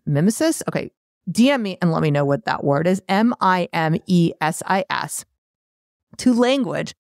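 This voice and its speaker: Low-voiced woman hosting a podcast. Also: darkish tone, no echo, clean studio sound. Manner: chatty and self-deprecating, sells her programs. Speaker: podcast host and art business coach. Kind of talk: solo podcast monologue.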